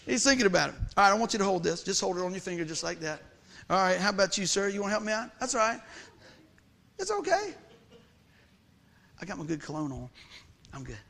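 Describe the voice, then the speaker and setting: A man preaching a lively sermon, calling out questions to the congregation and repeating his key phrases. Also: high-pitched, very fast, gravelly.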